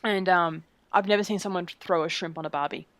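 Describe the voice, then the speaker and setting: A woman's voice: on the low side, fairly even intonation, a little fast, fairly bright tone, no echo, low-quality recording. A young Australian woman with an Australian accent, chatting as an interviewee, joking, swearing freely and laughing often. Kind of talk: casual chat.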